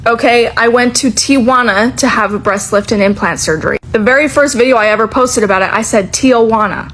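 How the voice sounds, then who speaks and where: A woman's voice: on the high side, brisk, a bit bright, poor audio. A woman talking casually to camera, exasperated and blunt, swearing freely.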